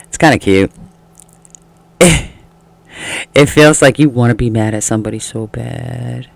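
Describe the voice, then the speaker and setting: Man, tarot reader, casual and chatty, laughs a lot, mid-pitched voice, dry close sound. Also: measured pace, gravelly, no echo. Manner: chatty, laughs often, acts out quoted feelings.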